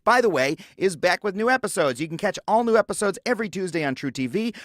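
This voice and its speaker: A man, hosting a podcast in an energetic, playful, rambling way. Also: a little high, dry recording, studio quality. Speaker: podcast host. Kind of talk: podcast interview. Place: studio.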